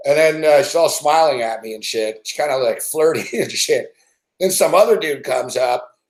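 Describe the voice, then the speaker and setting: A man's voice: on the high side, moderate pace. A man hosting a sports betting show, rambling through a casual story full of swearing and fillers. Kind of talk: casual profane storytelling rant. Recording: roomy echo.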